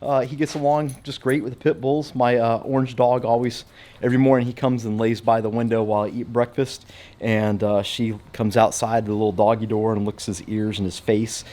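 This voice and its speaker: A man's voice: medium pitch, flat delivery, brisk, dark tone. A man chatting casually in his home welding shop, rambling with lots of fillers and restarts. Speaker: vlogger showing his shop. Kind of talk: casual vlog chat.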